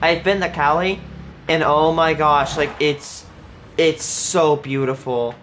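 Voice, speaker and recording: A man's voice: fairly high pitch, fairly even intonation, slow pace, fairly bright tone, slight background noise. A man chatting casually on a livestream while he plays, rambling with lots of "like" and restarts. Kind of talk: casual chat while playing a game on stream. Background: clear background music.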